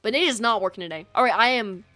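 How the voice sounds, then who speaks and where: A woman's voice: a little high, lively intonation, fast, sharp tone, no room sound, soft background music. Chatty, rambling woman game streamer. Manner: chatty, rambling, self-deprecating. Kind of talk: casual live-stream chat. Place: small bedroom. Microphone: streaming setup.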